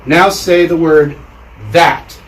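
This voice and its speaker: At a normal speed and in a slightly high voice, a man delivers a relaxed lecture to a roomful of people, filler-heavy and chatty, prompting them to repeat words aloud. The mic is far off and the room echoes.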